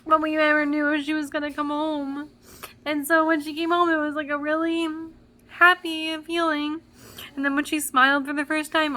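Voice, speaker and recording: Young mom vlogger, high and bright, talks in emotional, rambling bursts on the verge of tears. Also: female voice, flat delivery, moderate pace. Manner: emotional, rambling with many fillers and restarts. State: close to tears. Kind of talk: casual vlog talk.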